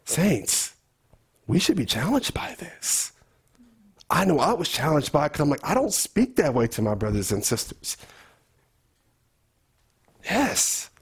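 Preacher, male, earnest sermon delivery with a husky, raised voice. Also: on the high side. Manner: earnest, preaching to the congregation with questions.

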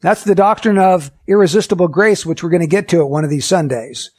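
A male pastor preaching a sermon in a fairly high voice. He speaks earnestly and emphatically, and he keeps asking the congregation rhetorical questions. He slows down to stress the words that matter. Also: darkish tone, breathy edge.

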